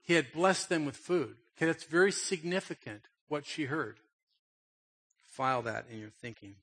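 A man's voice: on the high side, moderate pace, a bit bright, slightly rough. A man preaching a sermon and reading scripture, talking emphatically and conversationally and often checking in with his listeners. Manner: emphatic, conversational, asks "okay?". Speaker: pastor.

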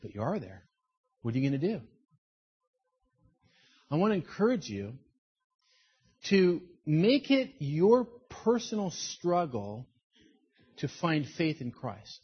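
A man pastor preaching a sermon in a conversational, emphatic way, dropping low and quiet for serious points, on a dull lo-fi recording. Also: big pitch swings, takes it slowly, pauses often, slightly rough.

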